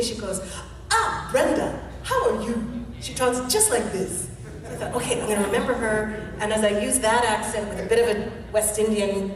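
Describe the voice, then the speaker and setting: A voice actress telling a lively, laughing story on a convention panel. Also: female voice, medium pitch, slight background noise. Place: convention hall. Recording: echoey hall mic, heard from far off.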